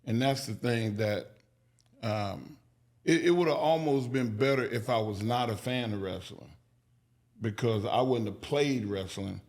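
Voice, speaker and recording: A man with a mid-range voice speaks at a measured pace, telling stories as a guest on a podcast interview. He's casual and profane, and he gets animated, raising his voice to act out the people he quotes.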